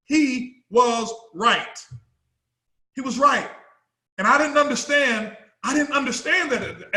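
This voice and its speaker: A man's voice: extremely high pitch, sharp tone, reverberant. A man giving an emphatic, repetitive motivational talk to an audience as a company chief executive. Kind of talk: motivational speech.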